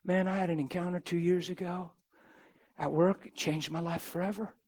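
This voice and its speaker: Animated, folksy middle-aged preacher man. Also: sits high, moderate pace. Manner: folksy, animated, acts out the people in his stories. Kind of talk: storytelling sermon.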